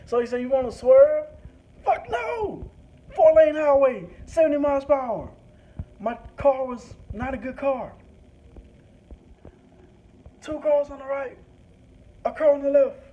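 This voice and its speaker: Pausing often and keeping a measured pace, a vlogger with a very high voice delivers a profane storytelling rant from behind the wheel. He's from a rural country town, crude and animated, swearing freely, on a dull lo-fi recording with faint noise.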